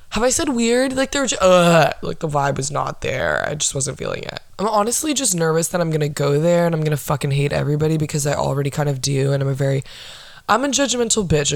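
A woman's voice: low voice, darkish tone, no echo. A young woman hosting her own podcast, rambling in a dry, sarcastic, profane way. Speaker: podcast host. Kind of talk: casual solo podcast chat.

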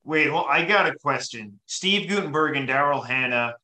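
A man's voice: a little high, animated, moderate pace, roomy sound, crowd noise, low-quality recording. A man co-hosting a casual film podcast, eagerly jumping in with questions and comments. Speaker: podcast co-host.

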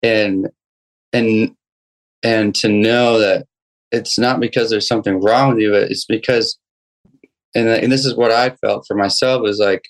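A young man, a guest musician, telling a personal story in a casual interview, halting with many restarts and fillers. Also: fairly low pitch, steady tone, low-quality recording.

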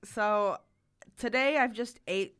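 A woman's voice: on the high side, takes it slowly, a bit bright, clean tone, dry recording. A young woman co-hosting a podcast, chatting casually and rambling, with frequent laughs. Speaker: podcast co-host. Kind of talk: casual chat.

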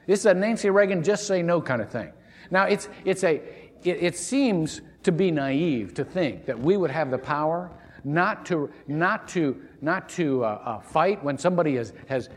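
A man preaching a sermon in a church, animated and conversational, often restarting his phrases. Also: high voice, in a large hall. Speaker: pastor. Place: church sanctuary.

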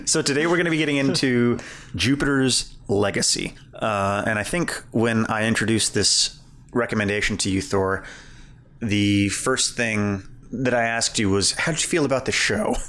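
A man's voice: fairly low pitch, fairly even intonation, normal speed, a bit bright. A man co-hosting a podcast, chatting casually about comics with frequent laughs and rambling asides. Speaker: podcast co-host. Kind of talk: casual chat.

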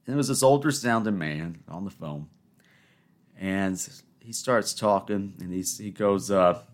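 A man's voice: fairly low pitch, unhurried. A man in his twenties hosting a solo podcast, rambling and self-mocking, rising into exasperated rants. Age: 20s. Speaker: podcast host. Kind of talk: casual solo podcast monologue.

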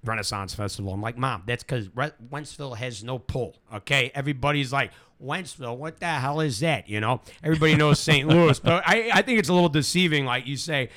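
A man's voice: medium pitch, a little fast, few pauses, a bit bright. A man hosting a radio show, chatting loosely and sarcastically and swearing now and then. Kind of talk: casual radio banter.

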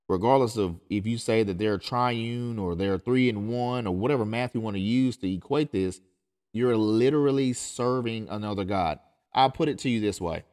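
A man's voice: on the low side, a little mellow. A man who is a pastor, hosting a podcast in an impassioned monologue, insistent and emphatic, often restarting his phrases.

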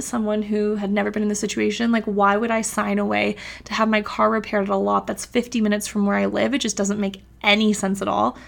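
A woman's voice: mid-range voice, creaky, fairly bright tone. A woman vlogger telling a personal story in a chatty, casual way, with lots of "like". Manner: chatty, uses "like" a lot.

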